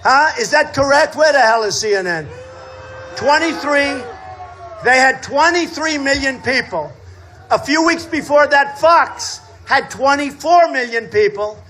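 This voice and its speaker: A man in his sixties giving a campaign rally speech outdoors, boastful and repetitive, often shouting. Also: very high-pitched, animated, measured pace, slight background noise. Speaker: political candidate. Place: outdoor state fair rally.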